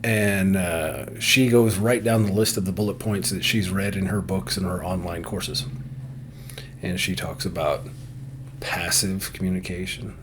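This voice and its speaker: A man's voice: lowish voice, darkish tone, slightly rough. A man ranting casually and bluntly to camera, opinionated and rambling, with frequent restarts. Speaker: vlogger.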